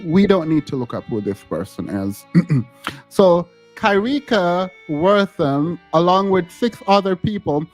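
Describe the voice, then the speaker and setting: A man's voice: high-pitched, lively intonation, a little slow, faint music behind. A male podcast host chatting casually and reading a news story aloud. He giggles often and stammers through restarts.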